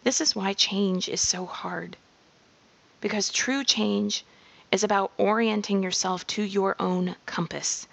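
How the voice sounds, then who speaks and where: A woman giving a slow, measured reflective monologue on personal growth. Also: medium pitch, fairly even intonation, creaky. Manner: slow, measured, drops into whispers.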